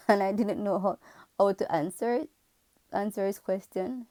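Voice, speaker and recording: A woman's voice: mid-range voice, sing-song, normal speed, gravelly, warm tone, no echo. A woman from Jamaica who works as a pharmacist, telling her own story to camera in a frank, earnest, reflective way. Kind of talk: candid personal storytelling to camera.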